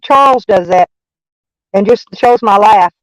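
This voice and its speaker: Texan woman streamer, loose and profane, mid pitch, dry sound. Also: measured pace, no room sound, rough recording. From Texas. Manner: rambling, profane, folksy. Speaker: live streamer. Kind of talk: casual live-stream chat.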